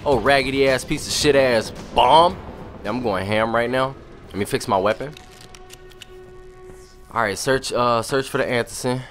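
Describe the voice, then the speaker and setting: A young man giving loud, profane, joking commentary while playing a video game. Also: medium pitch, moderate pace, pauses often, soft background music. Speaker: gaming commentator. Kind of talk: casual let's-play commentary.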